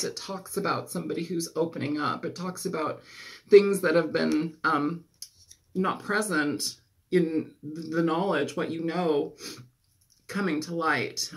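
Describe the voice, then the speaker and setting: A man giving a casual tarot reading, rambling and clearing his throat often as he loses his voice after a nap. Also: fairly high pitch. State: losing his voice, just woke from a nap. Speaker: tarot reader.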